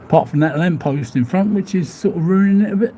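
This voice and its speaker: A man's voice: high-pitched, quick pace, warm tone, slight background noise. Chatty man live-streaming. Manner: rambling, chatty, laughs often, swears mildly. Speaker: vlogger reading live chat. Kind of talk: casual live-stream chat. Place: hotel room overlooking the seafront.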